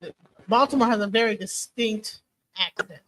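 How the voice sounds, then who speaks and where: Bright-voiced woman rambling on a stream. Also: medium pitch, moderate pace, rough recording. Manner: rambling, often says "you know what I'm saying". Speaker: co-host of a live commentary stream. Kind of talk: casual commentary.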